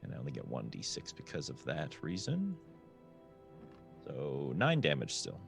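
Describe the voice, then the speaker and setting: A man's voice: very deep voice, wildly swooping pitch, unhurried, gravelly, music in the background. A man playing a tabletop game, hesitantly talking through his turn. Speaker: player. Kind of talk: casual tabletop play.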